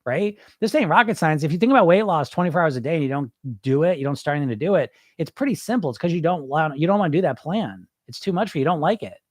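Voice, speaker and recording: A man's voice: on the high side, animated, racing, hardly any pauses, no echo, studio quality. A man hosting a live podcast, talking bluntly and emphatically to his listeners, repeating points for effect. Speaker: podcast host. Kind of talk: live-stream chat reading comments.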